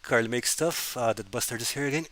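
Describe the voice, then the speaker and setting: A man hosting a casual livestream chat, easygoing and quick to laugh. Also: mid-range voice, a bit bright, dry recording. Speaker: livestream host.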